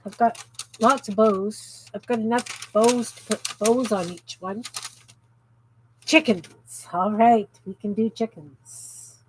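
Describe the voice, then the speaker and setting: Speaking slowly at medium pitch with fairly even intonation, a Canadian woman hosts a craft livestream from her home craft room. She chats casually and reads viewer comments aloud while working. The recording is rough, with slight background noise.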